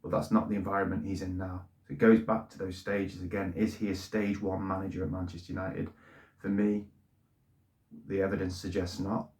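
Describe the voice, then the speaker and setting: A man's voice: low voice, level tone, brisk, a little mellow. A middle-aged man, talking plainly about his football club in a casual monologue, often repeating words as he goes. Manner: plain-spoken, repeats words when emotional. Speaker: football fan channel host. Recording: echoey room.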